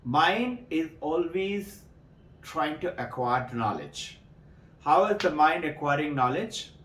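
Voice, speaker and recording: A man giving a spiritual talk to devotees, telling a parable with lively acted-out voices. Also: on the high side, takes it slowly, echoey room, slight background noise, low-quality recording. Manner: animated storytelling, acts out voices in parables. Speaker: spiritual teacher.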